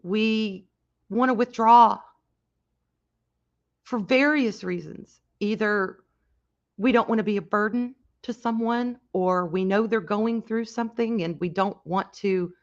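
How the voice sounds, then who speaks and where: A woman hosting a casual livestream, talking in a halting, emotional way with many restarts and reading out chat comments. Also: a little high, lo-fi sound. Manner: reads and answers chat comments. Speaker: livestream host.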